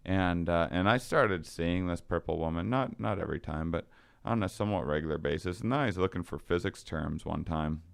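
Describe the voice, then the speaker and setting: A man's voice: deep voice, a little fast, gravelly, clean tone. A man telling a long story in casual conversation, acting out quoted lines and laughing often. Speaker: podcast guest.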